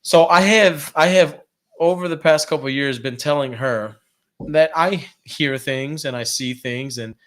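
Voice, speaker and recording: A man co-hosting a casual horror podcast, telling ghost stories in an animated way, swearing freely and acting out quotes. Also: on the high side, measured pace. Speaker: podcast co-host. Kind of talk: casual chat, storytelling.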